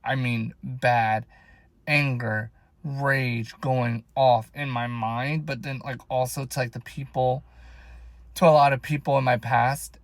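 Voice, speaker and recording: A man's voice: mid-range voice, fairly even intonation, takes it slowly, no room sound. A young man telling a rambling, emotional story about his faith in a casual video, with lots of "like". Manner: rambling, emotional, heavy use of "like". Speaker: vlogger. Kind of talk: casual personal faith talk.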